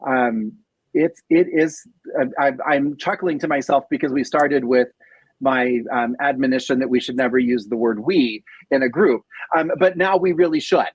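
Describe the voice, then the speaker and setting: A man's voice: mid-range voice, moderate pace, slightly rough, no echo. A man speaking as a podcast guest in casual conversation, thoughtful, with many fillers and restarts, on a dull lo-fi recording. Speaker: podcast guest, nonprofit operations director.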